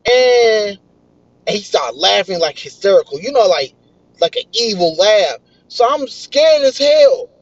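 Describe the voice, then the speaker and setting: A young man, excitedly telling a story in casual vlog style. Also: high-pitched, a little slow, dry recording. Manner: excitable, animated retelling. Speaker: vlogger. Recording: dull, lo-fi dry recording.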